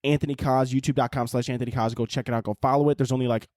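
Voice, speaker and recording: Young male podcast host, rapid, rambling, profane comic chatter, dry close sound. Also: medium pitch, steady tone, a little mellow, no echo. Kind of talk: casual comedic monologue.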